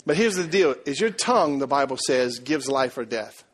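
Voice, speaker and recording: A man preaching a sermon, telling a story and asking the congregation questions in a lively, conversational way. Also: mid-range voice, normal speed, breathy edge. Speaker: pastor.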